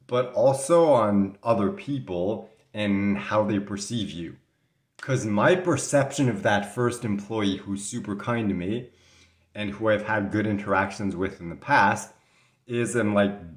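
A man from Canada telling a story to the camera in a casual, rambling way, sometimes indignant, with an occasional cough. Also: lowish voice. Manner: chatty, rambling, mildly indignant. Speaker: vlogger. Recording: echoey room sound.

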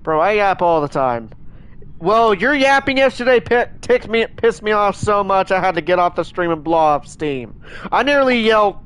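High-voiced excitable male streamer. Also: normal speed, smooth. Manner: excitable, rambling, scolds chat with frequent restarts. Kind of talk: live gaming stream chat.

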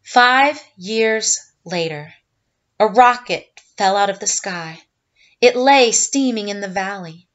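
A woman's voice: medium pitch, takes it slowly, dull audio. Woman teacher reading a story aloud. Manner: steady storyteller narration.

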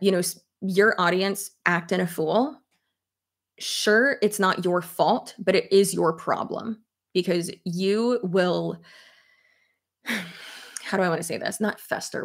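A young woman chats to her audience in a loose, animated commentary, full of fillers and casual swearing. Her voice sits on the low side with a gravelly fry running through it. She reads and answers viewer comments as she goes. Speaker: commentary YouTuber. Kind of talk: casual commentary chat, reading live comments.

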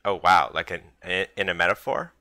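A man's voice: low voice, steady tone, moderate pace, bright, forceful tone, no echo. A man reading the lines of an exasperated daughter, dry and sarcastic. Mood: wry. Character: exasperated young woman, the father's daughter.

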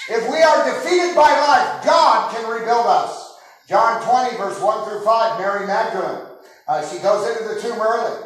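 High-voiced preaching man in an echoing hall. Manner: impassioned preaching, rising to shouts. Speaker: pastor. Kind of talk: sermon. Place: large church sanctuary. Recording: very echoey hall, mic far off.

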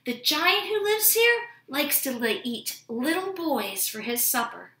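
A woman's voice: high voice, big pitch swings, unhurried, bright, forceful tone, reverberant, voice pushed up, full character voice. A woman doing an urgent castle cook.

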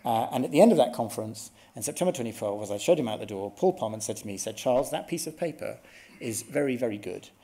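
Middle-aged male workshop speaker, mellow and warm tone, earnest and explanatory, restarts mid-sentence. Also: medium pitch, expressive, fast talker. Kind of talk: conference presentation. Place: conference workshop room.

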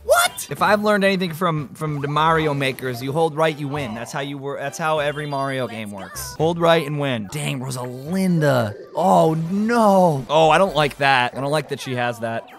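A man plays through a party game with hyper, running commentary, chanting single words again and again and shouting at the screen. His voice sits on the high side, with a little music playing faintly underneath. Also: normal speed, few pauses. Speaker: gaming YouTuber. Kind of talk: excited let's-play commentary.

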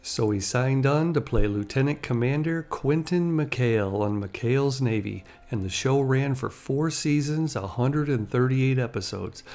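Chatty man telling anecdotes with a gravelly voice. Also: mid-range voice, a little mellow. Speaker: host. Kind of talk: casual storytelling.

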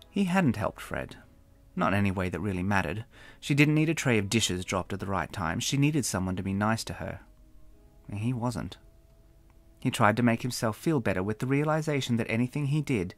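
A man narrating his own novel as an audiobook in a wry, expressive storytelling manner. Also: on the low side. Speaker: author and narrator.

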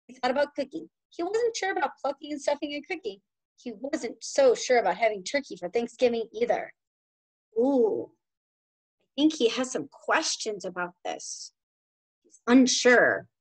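A woman preschool teacher reading a picture book aloud to young children at home, animated and sing-song, often stopping to ask them questions. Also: high-pitched, moderate pace.

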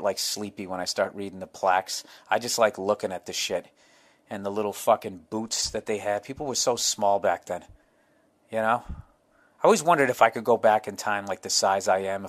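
Rambling, foul-mouthed man hosting a podcast. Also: lowish voice. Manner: rambling, heavily profane, jumps between tangents; acts out crowd members and himself in quick voices. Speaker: podcast host. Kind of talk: casual solo podcast monologue.

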